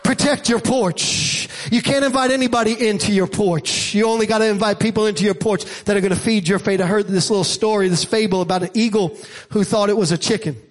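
A man's voice: high voice, brisk. A man preaching a sermon as pastor, emphatic and calling out to the congregation.

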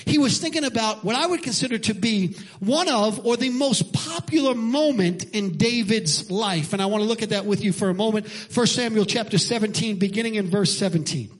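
A male pastor with a strikingly high, husky voice delivers a sermon. He tells an everyday story with animated, exasperated emphasis, then settles into a lower, quieter tone for reading scripture. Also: a little fast, few pauses.

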